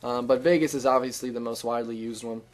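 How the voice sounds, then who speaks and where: A man's voice: medium pitch, steady tone, quick pace, soft background music. A man giving casual gameplay commentary as a gaming video host, chatty and upbeat with lots of ums and restarts. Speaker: gaming YouTuber giving channel tips.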